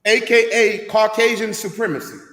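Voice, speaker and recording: A man's voice: high voice, moderate pace, a bit bright, reverberant, long reverb tail. A man leading a scripture class, preaching emphatically with rhetorical questions in a street-talk manner.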